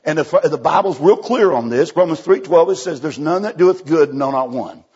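A man's voice: fairly high pitch, expressive, moderate pace, darkish tone, husky, highs cut off. A man preaching a folksy sermon, telling a story and acting out the dialogue with many restarts. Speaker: evangelist preacher.

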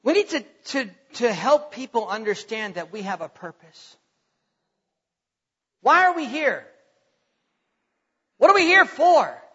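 A man's voice: very high-pitched, very animated, measured pace, pauses often, fairly bright tone, breathy edge. A man preaching a sermon as pastor, firing off emphatic rhetorical questions, often breaking into laughter. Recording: long hall reverb, dull lo-fi sound.

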